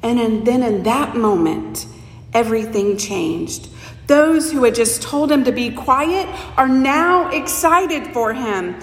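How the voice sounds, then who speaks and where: A woman preacher giving a sermon, telling the story slowly and expressively and voicing the people in it. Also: a little high. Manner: slow, expressive storytelling with voiced quotes. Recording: echoey church hall with long reverb.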